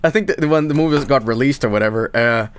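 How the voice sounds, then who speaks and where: A man's voice: mid-range voice, fast talker, clean tone. A man with a thick Swedish accent rambling casually to his stream chat, profane and full of asides.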